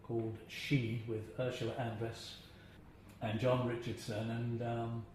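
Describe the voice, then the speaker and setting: A man's voice: medium pitch, flat delivery, measured pace, darkish tone. An older man being interviewed, telling chatty anecdotes about his acting days, chuckling and now and then imitating voices. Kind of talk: anecdotal reminiscing. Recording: very echoey room, faint hiss.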